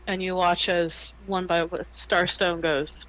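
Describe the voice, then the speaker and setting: A man's voice: sits high, steady tone, fairly bright tone, rough recording. A man narrating a tabletop game as game master, telling the story unhurriedly. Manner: unhurried storytelling, casual swearing.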